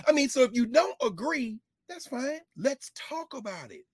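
A middle-aged man, a professor talking politics in an impassioned, preachy way, with mocking quotes and bursts of shouting. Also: very high-pitched, expressive, moderate pace, hardly any pauses, breathy edge, no room sound, clean studio sound. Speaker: professor and show co-host.

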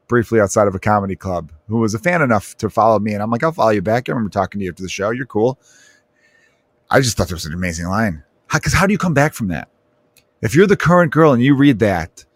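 A man who is a comedian hosting his own podcast, telling stories in an animated, profane way with frequent laughter. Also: mid-range voice, dry recording. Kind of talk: casual comedic podcast monologue.

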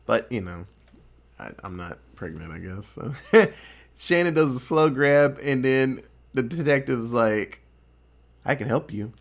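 A man casually recapping a film plot, swearing freely and acting out the characters' lines in quick put-on voices. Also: mid-range voice, expressive, gravelly. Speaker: podcast co-host recapping a film. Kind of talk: casual chat.

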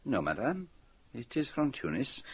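An actor, speaking in a measured, courteous, formal way. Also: male voice, medium pitch, very animated, husky, exaggerated voice. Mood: calm. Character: fastidious older male detective, calm, precise. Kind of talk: radio play acting.

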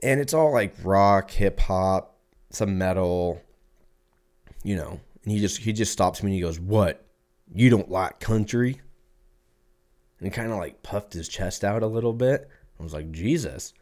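A man's voice: low-pitched, normal speed, a little mellow. A man hosting a podcast, telling a rambling, profane story in a casual way and acting out other people's lines. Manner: profane, rambling, acts out voices in anecdotes. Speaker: podcast host.

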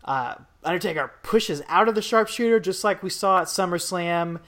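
Easygoing podcast co-host, higher voice. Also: male voice, lively intonation, normal speed, a bit bright. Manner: easygoing, conversational. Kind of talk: casual wrestling match recap.

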